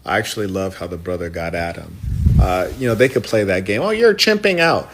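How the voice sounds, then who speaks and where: Lowish voiced guy ranting, lecturing tone, faint noise. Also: fairly quick. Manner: lecturing, mocking quotes. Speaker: commentator. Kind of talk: ranting commentary.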